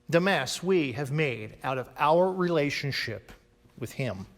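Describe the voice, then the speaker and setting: A middle-aged man preaches in a slow, measured way, his pitch leaping high and low for emphasis. His voice sits a little above the usual male range. A long church reverb trails after each phrase. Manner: emphatic, with dramatic pauses and swings in loudness. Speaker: pastor. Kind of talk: sermon. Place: church sanctuary.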